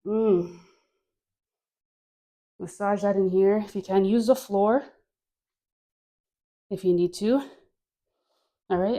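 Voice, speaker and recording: A Caribbean woman leads a guided dance class, encouraging and playful and laughing often as she talks while dancing. She wears a mic, and her mid-range voice has a dark tone.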